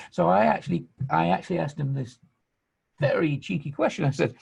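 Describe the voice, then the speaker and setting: An English man hosting a podcast, telling a spiritual story earnestly and emphatically. He swings from hushed to animated. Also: on the high side, quick pace, creaky, husky. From England. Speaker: podcast host.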